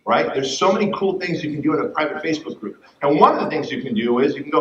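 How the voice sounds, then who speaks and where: A man giving an energetic, profane business talk to a conference audience, acting out quoted voices. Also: on the high side, fast, hardly any pauses. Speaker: fitness business speaker. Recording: distant, roomy, dull room mic.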